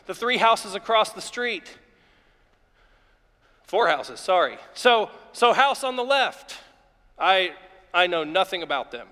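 High-voiced pastor preaching in a hall. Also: male voice, takes it slowly, pauses often. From Ohio. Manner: animated storytelling preacher, acts out yelling at his dog. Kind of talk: sermon. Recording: long reverb of a large hall.

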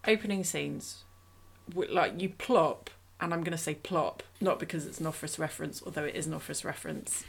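A woman's voice: deep voice, a little fast, creaky, slightly rough. A woman casually chatting on a podcast, recapping a film in a rambling, self-mocking way. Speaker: podcast co-host reviewing a film. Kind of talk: casual chat.

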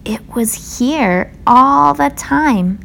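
Woman putting on a fussy high-pitched toad. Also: lively intonation, drawn-out words, gravelly, a bit bright, heavily acted. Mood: sheepish. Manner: whiny, rising to cries and wails when upset. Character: fussy, easily upset male toad.

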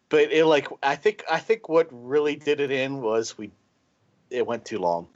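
A man's voice: medium pitch, expressive, moderate pace, dull audio. A man co-hosting a podcast, rambling and tipsy, stumbling over repeated words in casual chat. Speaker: podcast co-host, guest.

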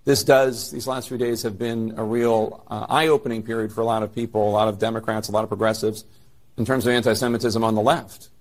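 A man speaking as a TV news anchor, measured and serious, in a played clip. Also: on the low side, fairly even intonation. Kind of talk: news commentary.

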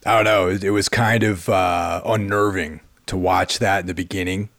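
Deep-voiced man, dry close sound. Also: steady tone, gravelly, fairly bright tone, no echo. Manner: measured, hesitant, many fillers. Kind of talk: casual chat.

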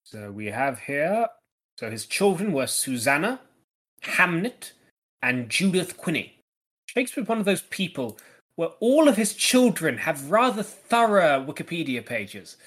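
A man's voice: a little high, big pitch swings, unhurried, fairly bright tone. A man co-hosting a podcast in casual chat, explaining background from his notes with dry wit. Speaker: podcast co-host.

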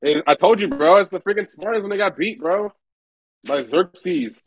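A man guesting on a casual livestream, relaxed and slangy. His voice sits slightly high, and he talks easily, never in a hurry. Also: moderate pace, no echo, lo-fi sound. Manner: laid-back, says "bro" a lot.

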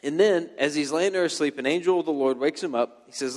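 A man's voice: a little high, fairly quick, a little mellow. A young man preaching a casual, slangy sermon to a youth group and telling the story loosely, like a friend would. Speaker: youth pastor. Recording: long hall reverb.

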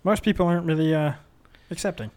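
Man voicing a talkative courier NPC; fillers, hesitant, friendly, a bit high-pitched. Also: quick pace, a little mellow, close to an everyday voice. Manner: rambling, hesitant, full of fillers. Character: chatty friendly male courier, middle-aged.

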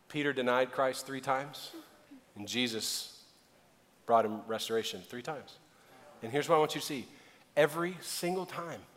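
A male pastor preaching a sermon, animated, joking and acting out dialogue, building to loud emphatic passages. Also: medium pitch, big-room sound.

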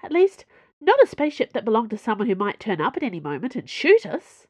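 A woman's voice: a little high, huge pitch swings, measured pace, no echo, pitched above the performer's own voice. A woman playing a bubbly young engineer. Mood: gleeful. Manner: bubbly, gleeful, eager. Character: cheerful excited young woman ship engineer.

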